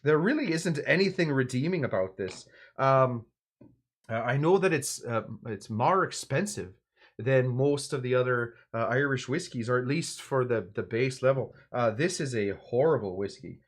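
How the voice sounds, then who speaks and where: A man's voice: mid-range voice, animated, moderate pace. A man hosting a casual drinks livestream, rambling and hesitant, bluntly critical of what he tastes. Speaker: livestream drinks show host.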